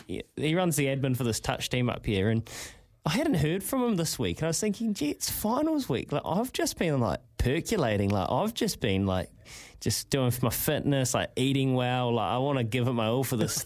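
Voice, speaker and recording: Aussie radio co-host dude, chatty, says like constantly. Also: male voice, mid-range voice. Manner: chatty storyteller, says like a lot. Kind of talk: casual radio banter. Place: radio studio.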